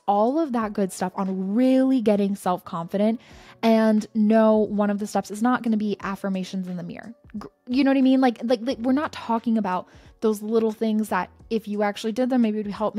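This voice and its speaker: A young woman hosting a faith podcast, chatting casually in a bubbly, animated storytelling way. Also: medium pitch. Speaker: podcast host.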